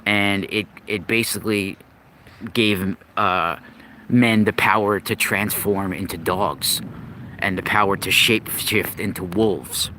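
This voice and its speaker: A very deep-voiced man talks slowly through old legends, circling back and restarting as he hunts for the right word. A faint hiss of background noise sits under his voice. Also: steady tone, sharp tone. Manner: rambling, with frequent restarts and searching for words. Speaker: podcast host. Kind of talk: casual monologue on myth and occult lore.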